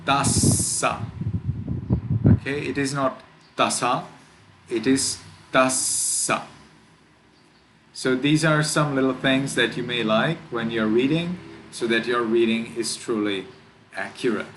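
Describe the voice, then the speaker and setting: A man who is a Buddhist monk, teaching a class how to pronounce chant words and drawing each word out slowly and carefully. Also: medium pitch, fairly bright tone, slight background noise, poor audio. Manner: slow, careful, demonstrates words by drawing them out.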